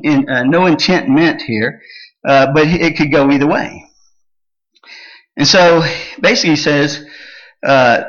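A man's voice: fairly high pitch, bright, forceful tone, lo-fi sound. A man preaching a sermon, reading old-style Bible verses and explaining them in plain words, with frequent "uh" fillers. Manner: reads the old-style verses aloud, then restates them in plain talk. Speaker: pastor.

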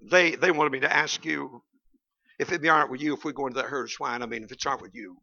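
A man's voice: medium pitch, steady tone, fast talker, vocal fry, pushed and bright, heavily acted. Preacher putting on a stammering Southern demons' spokesman. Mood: sheepish. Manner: hesitant, stumbling, apologetic. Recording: dull lo-fi sound.

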